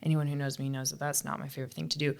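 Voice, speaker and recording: Young female co-host, low voice, blunt and casual chat. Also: little pitch movement, creaky. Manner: frank, swears freely, quick asides. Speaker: podcast co-host and CrossFit coach.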